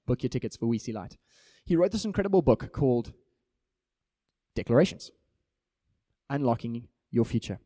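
A man preaching a sermon in an animated way, acting out small everyday scenes to make his points. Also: medium pitch, normal speed, long pauses, no echo, clean studio sound.

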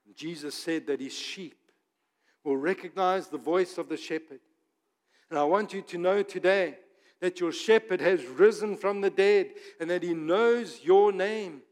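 High-voiced man preaching in echoing church. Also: unhurried. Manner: swings from emphatic to hushed and soft. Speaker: pastor. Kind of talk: sermon. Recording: long reverb of a church hall.

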